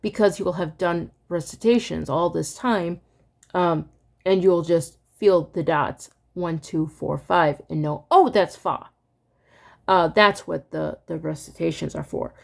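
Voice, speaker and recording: A woman teaching a music braille lesson in a relaxed, casual way, hesitant with many fillers and laughing at her own slips, reciting note names and dot numbers to a metronome. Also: fairly low pitch, unhurried, creaky. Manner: recites counts in time with a metronome.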